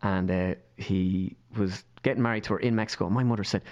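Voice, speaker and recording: Young irish guy telling a funny story on a podcast, gets loud and giggly, does voices. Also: lowish voice, a little fast, muffled recording. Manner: animated, laughing storyteller doing voices. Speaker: podcast guest. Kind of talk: casual storytelling chat.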